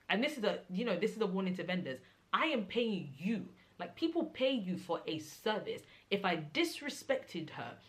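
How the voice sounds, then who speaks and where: A young adult woman vlogger telling a casual story, animated and mimicking the people in it, rising to exasperated high-pitched outbursts. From Nigeria.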